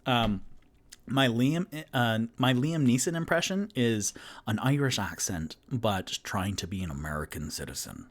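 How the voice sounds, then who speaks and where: A man's voice: medium pitch, animated, measured pace. A man hosting a solo tabletop game stream, casually reading viewer comments aloud and joking while he stalls. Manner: chatty, laughing, stalling while reading chat. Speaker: host and dungeon master. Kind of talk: casual live-stream chat.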